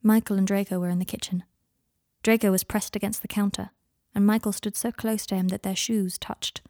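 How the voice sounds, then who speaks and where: A woman narrating a fan fiction audiobook in an even, measured way. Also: mid-range voice, dry recording, clean studio sound.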